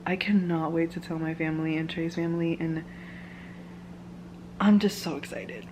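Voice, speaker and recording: A woman's voice: low voice, fairly even intonation, moderate pace, noisy background. A young woman vlogging at home, telling a personal story in casual chat full of "like" fillers. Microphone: camera mic, filming herself.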